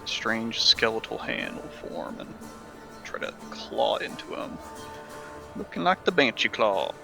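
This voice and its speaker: Give me a man with a gravelly, sharp voice describing his character's magic in a tabletop game, over faint music. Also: fairly low pitch, very animated, a little slow. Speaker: player.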